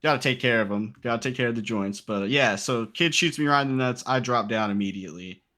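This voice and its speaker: A man in his late twenties with a bright, forward tone, telling a story in a loose, casual podcast chat. He is animated and slips into the other people's voices when he quotes them. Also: medium pitch, fast talker. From Texas. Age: late 20s. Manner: animated, acts out quotes in character. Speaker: podcast guest.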